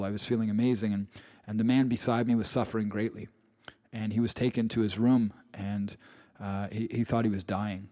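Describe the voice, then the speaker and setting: A man's voice: on the low side, a little mellow, dry recording. Earnest English man telling his story. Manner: earnest, with restarts and repeated phrases. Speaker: author narrating his own audiobook. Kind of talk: first-person memoir narration.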